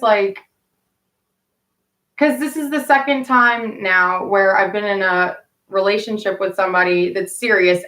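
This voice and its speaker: A woman's voice: mid-range voice, a bit bright, roomy sound. A woman telling candid stories to her live viewers in a rambling, casual way, swearing freely. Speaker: live streamer chatting with viewers. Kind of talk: casual storytelling to a live chat.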